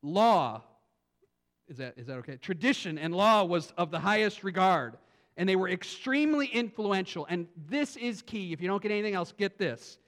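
A man's voice: high voice, expressive, normal speed, fairly bright tone. A man preaching a sermon as a pastor, speaking emphatically with frequent restarts and reading scripture dramatically aloud.

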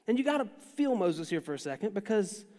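A man with a drawl preaches in a high voice, talking his sermon through like a conversation and acting out the lines he quotes. The sound is a church sanctuary with a long reverb trailing each phrase. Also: sing-song, brisk, a little mellow. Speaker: pastor.

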